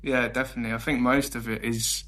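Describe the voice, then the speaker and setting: A man's voice: medium pitch, fast. A young man with a London accent, a band member answering interview questions in a hesitant, word-searching way. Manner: hesitant, searching for words, flat delivery. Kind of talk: casual interview chat.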